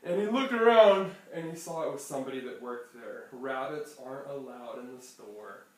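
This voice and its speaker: A storyteller improvising a lively bedtime story for a child, laughing often and acting out sound effects. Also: medium pitch, normal speed. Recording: echoey room, distant mic, faint noise.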